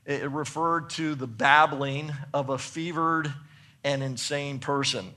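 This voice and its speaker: A pastor preaches a sermon, reading scripture and explaining it earnestly, building to excited emphasis before dropping soft for his points. His voice is a little high and a little slow.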